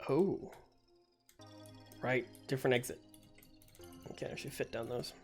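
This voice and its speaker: A man of middling pitch chats loosely while he plays, cracking jokes and laughing at his own mistakes. He talks into a desk mic over game music and bursts of gunfire. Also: normal speed. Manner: chatty, joking, laughs often at himself. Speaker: gameplay streamer. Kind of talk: casual let's-play commentary.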